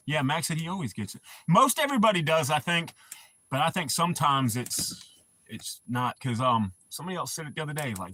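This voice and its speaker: A middle-aged man chatting casually on a live stream. His voice is bright and forward, his talk loose and full of swearing. He laughs easily between remarks. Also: a little high, big pitch swings, moderate pace. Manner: laid-back, swears freely, laughs often. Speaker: livestream host.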